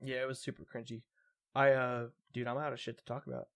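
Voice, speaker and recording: Fast-talking young man, rambling co-host. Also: mid-range voice, little pitch movement. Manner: rambling, lots of fillers and restarts. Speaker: podcast co-host. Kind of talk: casual chat.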